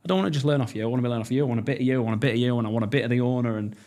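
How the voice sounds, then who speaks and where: Racing along in a mid-range, darkish voice, this North East English man in his thirties tells his story as a podcast guest. It's a casual storytelling interview, and he's blunt, enthusiastic and freely profane, his accent clearly from North East England.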